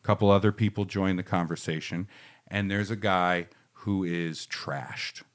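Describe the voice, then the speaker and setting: Deep-ish guy podcasting in studio, rambly, swears a lot, lotsa uhs. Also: steady tone, measured pace. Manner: rambling storyteller, swears freely, many fillers. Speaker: podcast co-host. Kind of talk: casual chat.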